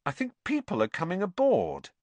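A blunt, hot-tempered teenage boy, as a man reading a story puts him on, his voice pitched up well above the narrator's, lively and quick to flare. The sound is close and dry. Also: dry recording, exaggerated voice. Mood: eager.

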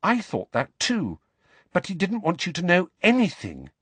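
A man reading the part of an anxious, earnest teenage girl in an audiobook, in a higher, breathless voice. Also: wildly swooping pitch, moderate pace, fairly bright tone, slightly rough, no room sound, heavily acted.

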